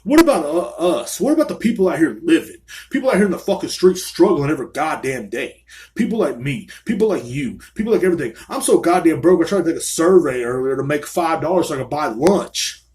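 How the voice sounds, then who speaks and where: Male podcast host, solo rant, slightly higher voice, angry and profane throughout. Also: big pitch swings, brisk, a little mellow. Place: small room.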